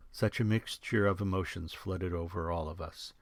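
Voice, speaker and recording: A man's voice: deep voice, fairly even intonation, moderate pace, no room sound. A man, the author, reading his own novel as first-person audiobook narration with a dry, sardonic manner, recorded on a studio microphone.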